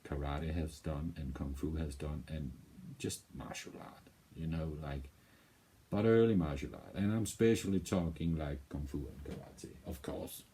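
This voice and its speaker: A man's voice: sits low, dark tone, slightly rough. A man hosting a music reaction video, rambling in casual commentary and swearing freely.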